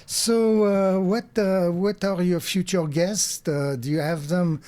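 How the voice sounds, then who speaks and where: A man's voice: high-pitched, steady tone, takes it slowly, a little mellow, smooth. A man doing a put-on thick French accent as a guest interviewer in casual radio chat, with hesitant ums. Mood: mock French.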